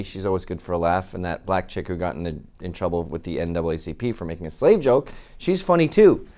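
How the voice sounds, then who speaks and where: A man delivering a comic opinion rant to camera in a sarcastic, mocking way. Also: mid-range voice. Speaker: commentator.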